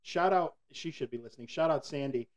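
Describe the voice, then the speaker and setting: A man co-hosting a casual podcast from a home laundry room, cracking goofy jokes right up on his boom microphone. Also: fairly quick. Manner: jokey, goofy asides. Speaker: podcast co-host. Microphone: boom mic, very close.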